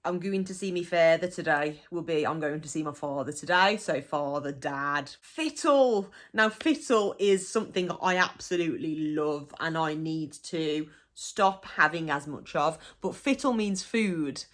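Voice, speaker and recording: A woman's voice: deep voice, a little slow, hardly any pauses. Chatty Black Country woman explaining dialect. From Black Country, England. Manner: chatty, laughs easily, gives example phrases. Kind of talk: casual explanatory monologue.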